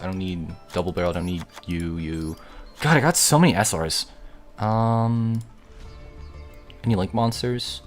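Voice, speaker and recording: A young man chatting on a live gaming stream, excitable and grumbling, swearing casually as he talks to his viewers. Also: low-pitched. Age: young adult.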